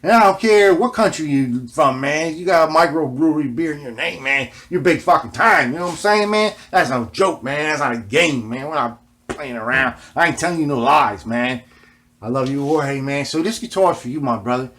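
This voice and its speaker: A man vlogs in a casual, rambling way, swearing often and ending almost every phrase with "man". His voice is on the high side, animated and a bit bright, at a moderate pace.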